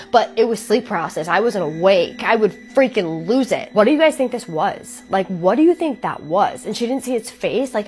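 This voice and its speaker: A young woman hosting a storytime video, chatting casually and animatedly with lots of "like". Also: mid-range voice. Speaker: storytime host.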